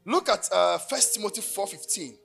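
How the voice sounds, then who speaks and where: A middle-aged Ghanaian man preaching a sermon, telling stories and joking, breaking into sudden loud bursts. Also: high-pitched, animated, normal speed, vocal fry, soft background music. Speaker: pastor.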